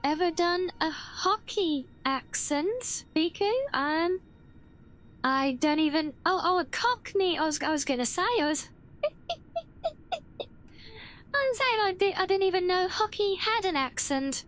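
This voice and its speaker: A woman's voice: very high voice, expressive, slow pace, fairly bright tone. A young woman streaming a video game and chatting casually, giggling often and restarting her sentences. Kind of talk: casual livestream chat while gaming.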